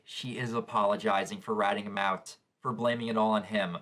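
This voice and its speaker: A man's voice: on the low side, little pitch movement, a little fast, few pauses, fairly bright tone. Man reacting live to a manga chapter. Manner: narrates panels aloud, reacting with shock.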